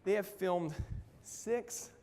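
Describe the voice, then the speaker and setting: A man with a high-pitched voice gives a lively stage presentation, throwing question after question at the crowd. His voice carries a long hall reverb, as if heard across a large event room. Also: extremely slow. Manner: energetic, keeps quizzing the audience. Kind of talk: motivational stage talk.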